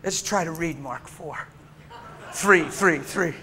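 A man's voice: on the high side, slow pace, sharp tone. A male preacher delivering an emotional, story-driven sermon in a church, acting out the people in his stories. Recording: long church reverb, faint background noise.

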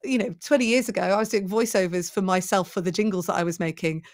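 A woman's voice: medium pitch, fast. A middle-aged woman, a presenter coach, talking enthusiastically in a podcast interview and thinking aloud as she goes.

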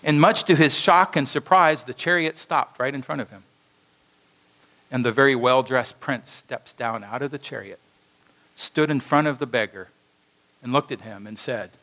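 A man's voice: medium pitch, moderate pace, low-quality recording. A male pastor delivering a sermon in a church, telling a story and acting out its voices with animation. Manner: animated storytelling with acted quotes.

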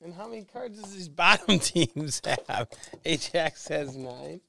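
A man's voice: fairly high pitch, animated, unhurried, gravelly, pushed and bright, slight background noise. A man hosting a live card break, reading out players and teams in casual chat and joking about how names are pronounced. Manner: chatty, joking about name pronunciations.

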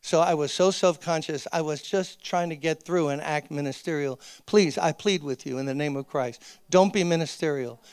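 High, clear-voiced earnest male preacher. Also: moderate pace, hardly any pauses, a little mellow, dry recording. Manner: earnest and conversational, with emphatic repeated appeals. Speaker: pastor. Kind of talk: sermon. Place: church, speaking to a gathering of ministers.

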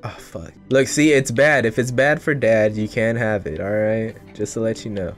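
A young man giving casual, joking gameplay commentary to his viewers. He swears freely and bursts into excited yelps. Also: fairly low pitch, moderate pace, faint music behind. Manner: chatty, talks straight to viewers. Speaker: gaming YouTuber.

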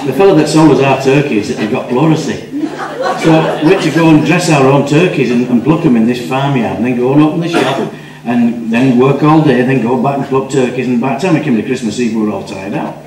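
A man's voice: mid-range voice, fairly quick, roomy sound, far from the mic, crowd noise, low-quality recording. A man telling a long rambling story on a chat show. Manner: rambling storyteller, voices people in his tales. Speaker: comedian guest. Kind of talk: chatty anecdote on a talk show.

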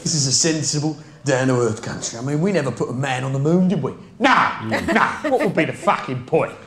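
A man's voice: mid-range voice, lively intonation, brisk. A British man doing live stand-up comedy, brash and mocking, firing off tag questions at the crowd. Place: large indoor comedy venue. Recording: echoey live venue with loud crowd. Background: loud audience laughter.

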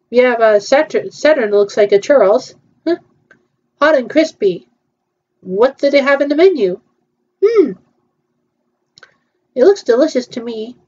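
A woman's voice: sits high, darkish tone, highs cut off. A woman chatting casually through a virtual theme-park tour, hesitant and playful, with frequent ums.

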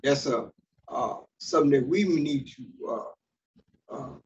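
Speaking slowly at a medium pitch, a male pastor delivers a sermon in a church sanctuary, reading out scripture and frequently stopping to unpack it amid fillers and false starts. A distant mic leaves the sound dull with faint hiss.

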